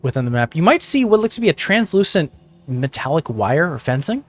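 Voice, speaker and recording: A man's voice: fairly high pitch, very animated, fairly quick, soft background music. Man narrating a tabletop game scene. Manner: descriptive, with many fillers and self-corrections. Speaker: game master.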